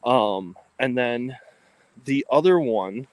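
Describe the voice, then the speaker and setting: A man's voice: medium pitch, lively intonation, slow, dry recording, low-quality recording. A man co-hosting a livestream, talking casually with lots of ums and restarts, recorded on a phone. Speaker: co-host of a ghost-hunting livestream.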